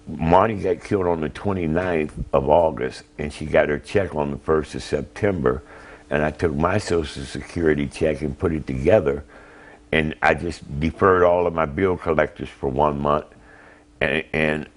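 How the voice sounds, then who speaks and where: A man's voice: a bass voice, steady tone, moderate pace. An older man, a grandfather, giving a plain-spoken and polite account of his family's hardship in an interview. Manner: plain-spoken, polite, answers with "yes, ma'am". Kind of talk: emotional personal account.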